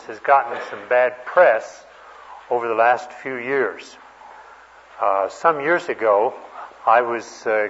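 A man delivers a sermon in a hall whose long reverb trails after each phrase. His voice sits at an ordinary pitch, and the recording is slightly dull and muffled. He tells stories folksily, pausing often on fillers. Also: fairly bright tone. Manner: folksy storytelling with many fillers. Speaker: preacher.

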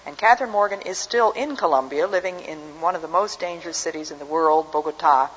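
A woman's voice: sits low, fairly quick, slightly rough. An older woman giving an earnest, reflective personal testimony as a speaker. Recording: dull recording with long hall reverb.

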